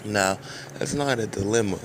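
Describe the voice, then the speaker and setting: A man's voice: fairly low pitch, moderate pace, a little hiss or hum. A man giving casual, rambling commentary over game footage in a dry, drowsy way. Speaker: gaming video creator.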